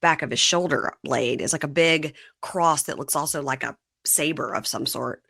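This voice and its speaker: A woman with a low but bright voice chats as a podcast guest, mostly agreeing in short replies and adding dry asides. The sound is dry and close. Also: normal speed, vocal fry, husky, no echo. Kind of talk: casual recap chat.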